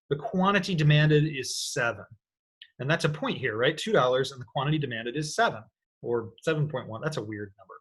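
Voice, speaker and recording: A man teaching an economics lecture in an energetic, playful way, often checking in with his students. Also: on the high side, slightly rough. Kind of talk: recorded lecture.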